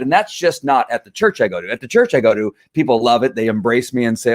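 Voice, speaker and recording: Halting, rambling middle-aged man. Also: medium pitch, lively intonation. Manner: rambling, halting, with many fillers. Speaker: show host. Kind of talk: casual live-stream monologue.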